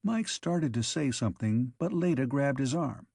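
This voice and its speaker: A man narrating a science fiction audiobook in a measured, even storytelling manner. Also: mid-range voice, vocal fry, husky, dry recording, studio quality.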